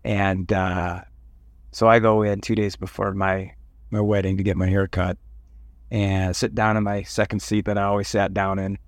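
A man from Cleveland hosting a podcast interview, asking questions and telling his own stories in a chatty, animated way. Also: deep voice, normal speed, no room sound. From Cleveland, USA. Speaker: podcast host. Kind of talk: interview with personal anecdotes.

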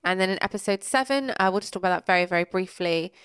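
A young woman co-hosting a casual podcast chat, quick and teasing. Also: lowish voice, fairly bright tone, smooth, no room sound, studio quality. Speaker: podcast co-host.

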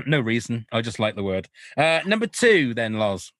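A man's voice: mid-range voice, big pitch swings, a little slow, fairly bright tone. A man hosting a casual chat podcast, teasing the others and asking the questions. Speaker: podcast host.

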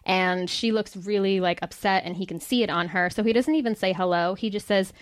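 A woman in her thirties chats with friends on a podcast, telling a story in a loose, animated way with plenty of fillers. Her voice sits at a middle pitch and sounds dry and close. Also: brisk, dry recording. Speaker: podcast co-host presenting a book. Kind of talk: casual chat.

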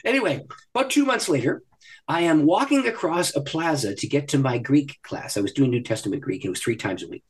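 A man who is a guest on a podcast, telling a personal story in an animated way and laughing often. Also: a little high, fast, slightly rough. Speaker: podcast guest, ministry leader. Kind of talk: storytelling in a conversation. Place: podcast recording.

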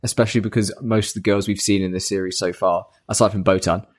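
Low-voiced man in casual podcast chat. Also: fairly even intonation, fast talker. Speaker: podcast co-host.

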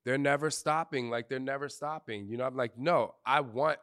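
A man answering questions in front of a group, telling candid stories in animated, slangy speech with cursing and acted-out quotes. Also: mid-range voice, normal speed, clear, resonant tone. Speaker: fitness trainer interviewee. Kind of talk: candid storytelling Q&A before a live group. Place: outdoor retreat gathering.

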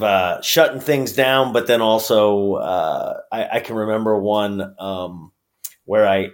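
A middle-aged man from upstate New York with a New York accent, a wrestler chatting as a guest in a casual interview, laid-back with many fillers and easy laughs. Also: sits low.

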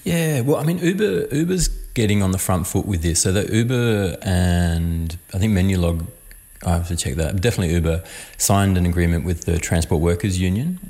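A man with a notably low voice talks through a subject on a podcast. He speaks casually, restarting his phrases as he goes. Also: warm tone. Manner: talks in quick bursts with restarts. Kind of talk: casual chat.

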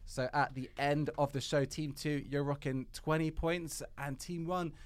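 A man's voice: on the high side, fairly even intonation, a little slow, smooth. A man hosting a comedy podcast, reading stage directions and scoring rounds in an upbeat, jokey way. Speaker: podcast host and quizmaster.

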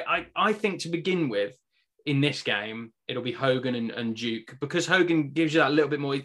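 A man's voice: mid-range voice, fairly bright tone. A young man co-hosting a casual fan podcast, chatty and a little hesitant. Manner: chatty, hesitant, laughs easily. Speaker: podcast co-host.

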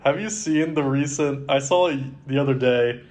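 A man's voice: mid-range voice, normal speed, a little mellow. A man co-hosting a podcast in casual chat, talking in a rambling, laid-back way. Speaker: podcast co-host.

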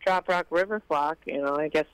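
A woman's voice: deep voice, brisk, clean tone, no room sound, poor audio. A woman chatting on a radio show, rambling and hesitant, with many fillers. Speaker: guest co-host. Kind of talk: casual on-air chat.

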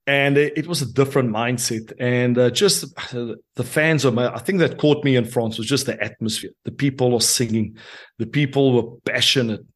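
A middle-aged man with a South African accent, a former rugby prop telling lively stories in casual chat and acting out quotes. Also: mid-range voice, normal speed. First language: Afrikaans. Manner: animated storyteller, acts out quotes, laughs often.

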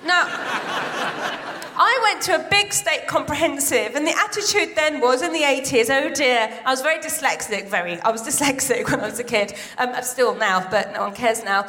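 A middle-aged woman from Iran doing a stand-up comedy set on a large theatre stage, chatty and excitable with quick asides. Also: high voice, soft background music.

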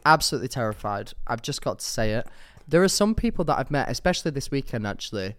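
Young male podcast co-host, smooth resonant voice, animated storyteller. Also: mid-range voice, fast. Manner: animated, camp storytelling with rising impressions. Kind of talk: casual chat.

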